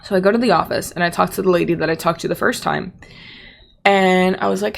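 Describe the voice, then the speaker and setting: A woman's voice: lowish voice, fast talker, vocal fry. A young woman hosting a podcast, telling a personal story in a chatty way, full of "like" fillers. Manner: chatty, lots of "like" fillers, quotes others in her own voice. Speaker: podcast host. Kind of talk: casual storytelling.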